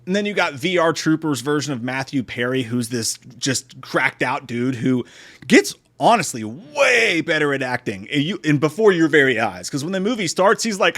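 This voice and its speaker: A sarcastic man tears into a horror sequel with plenty of swearing. His slightly high voice leaps up and down as he mocks the characters. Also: fairly bright tone. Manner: sarcastic, profane, swings into mocking impressions. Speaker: movie review host. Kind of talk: casual comedic film review.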